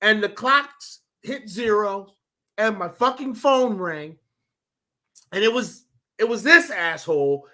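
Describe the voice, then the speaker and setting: A man co-hosting a casual sports chat, loud and hyped, swearing and repeating himself. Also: sits high, lively intonation, slow. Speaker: podcast co-host.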